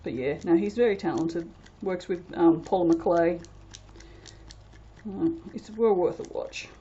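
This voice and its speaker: A woman's voice: mid-range voice, warm tone, husky, highs cut off. A woman chatting casually as she works on a soap-making vlog, rambling along with self-deprecating asides. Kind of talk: casual commentary while working.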